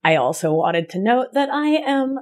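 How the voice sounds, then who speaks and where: A woman's voice: on the high side, sing-song, normal speed. A woman life coach hosting her podcast, talking in an affectionate, chatty way and often laughing at herself. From Argentina, raised in Rhode Island. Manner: affectionate, calls listener my love, laughs at herself. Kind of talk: warm conversational podcast monologue.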